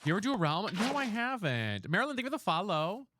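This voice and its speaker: A man's voice: high-pitched, very animated, fast, background noise. A man streaming a video game live, chatting casually and sassily while reading out his chat. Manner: sassy, chatty, reads chat aloud.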